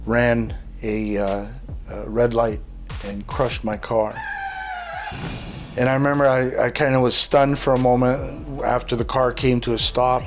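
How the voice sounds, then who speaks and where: A man tells his own life story in an interview. He is a lively storyteller who acts out the dialogue and uses many fillers like "uh" and "like". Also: medium pitch. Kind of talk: personal testimony told in an interview.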